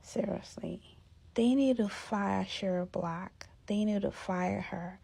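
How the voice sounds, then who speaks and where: A woman hosting a casual reaction commentary, indignant and drawn-out, sometimes dropping to near-whispers. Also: mid-range voice, creaky, very noisy. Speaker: commentary host.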